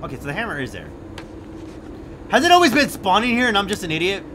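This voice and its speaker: A young man giving gameplay commentary, swinging from hushed muttering to loud, sweary shouting. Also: high voice, huge pitch swings, fast talker, a little hiss or hum. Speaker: gaming YouTuber.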